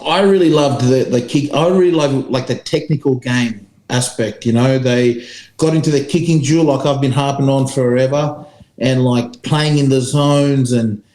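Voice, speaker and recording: A New Zealand man co-hosting a rugby chat show, talking in a rambling, animated way and laughing often. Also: mid-range voice, moderate pace, reverberant, rough recording. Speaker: rugby podcast co-host. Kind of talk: casual chat.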